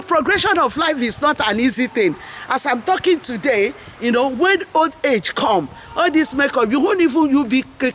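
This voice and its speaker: A middle-aged woman with a Nigerian English accent and a high voice delivers an impassioned, rambling monologue as a host and farmers' advocate, repeating preachy slogans. There's a little hiss or hum on the recording.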